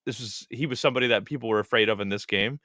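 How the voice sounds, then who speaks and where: A man co-hosting a podcast, recapping a reality show in a rambling, animated way. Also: lowish voice, rapid-fire. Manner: rambling, animated, acts out quotes. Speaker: podcast co-host. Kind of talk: casual reality TV recap chat.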